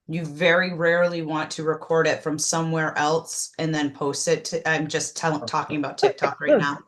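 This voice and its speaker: A woman coaching a team on a video call, energetic, with frequent "um"s and restarts. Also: low voice, normal speed. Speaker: team trainer leading a call. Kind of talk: casual group video call.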